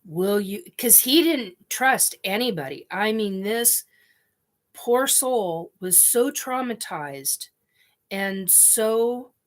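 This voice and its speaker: A woman speaks slowly to her camera from her living room, telling a deeply personal story. She is crying as she talks, stopping and restarting, sniffing and apologizing between phrases. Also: animated. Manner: tearful, halting, with restarts and sniffs. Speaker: vlogger.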